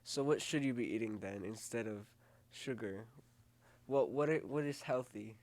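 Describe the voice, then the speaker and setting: A man's voice: medium pitch, normal speed, a little mellow. A man hosting a casual podcast in a laid-back, offhand way, asking questions with many fillers. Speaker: podcast host. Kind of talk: casual interview.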